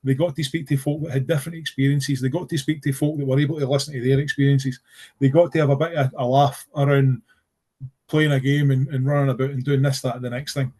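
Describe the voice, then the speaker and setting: A man's voice: mid-range voice, level tone, quick pace, dark tone. Rambling middle-aged Scottish man. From Scotland. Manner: rambling, many fillers and restarts, earnest. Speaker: podcast guest. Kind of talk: casual conversational storytelling.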